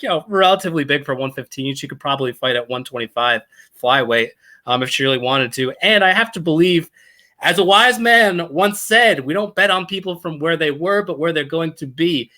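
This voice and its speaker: A man with a bright, forceful voice breaks down a matchup on a casual podcast. He is measured and analytical, with dry quips. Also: on the high side. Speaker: podcast co-host.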